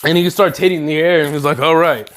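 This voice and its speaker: A young adult man telling an anime what-if story in a casual, slangy, animated way, talking to viewers as y'all. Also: a little high, fast. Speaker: YouTuber.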